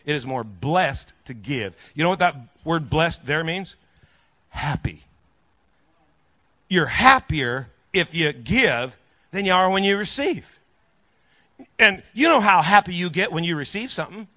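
A man preaching with a bright, forceful edge and a voice pitched a little above the usual male range. He tells stories animatedly and keeps calling out to his congregation. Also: unhurried, pauses often. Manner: animated storytelling with congregation call-outs. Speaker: pastor. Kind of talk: sermon.

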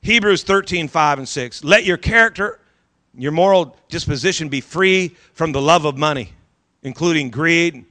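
A man preaching with fire, his voice pitched high and ringing bright. He hammers phrases again and again and urges the congregation to speak up with him. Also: normal speed. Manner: fervent, repeats phrases for emphasis, urges the congregation. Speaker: pastor. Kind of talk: sermon.

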